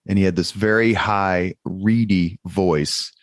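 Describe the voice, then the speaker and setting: Male podcast host, low and even, close dry mic, curious questions. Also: slow pace, no room sound.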